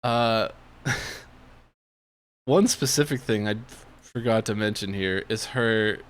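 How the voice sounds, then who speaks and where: Slow, sarcastic male show reviewer. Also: on the low side, smooth. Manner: sarcastic, mocking, laughing at the show. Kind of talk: casual commentary review.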